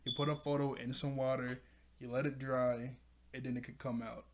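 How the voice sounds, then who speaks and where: A man's voice: mid-range voice, level tone, normal speed. A man casually recapping a cartoon episode. He rambles, repeats himself and laughs a lot.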